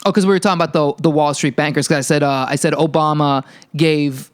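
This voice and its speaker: A male podcast host delivering a heated, profane ranting monologue, telling a story with animated energy. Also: on the high side, fast talker, smooth.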